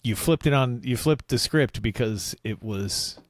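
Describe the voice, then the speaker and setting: A man co-hosting a comedy podcast, riffing and teasing his partner with quick playful interjections. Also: medium pitch, no echo, clean studio sound. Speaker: podcast co-host. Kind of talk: improvised comedy banter.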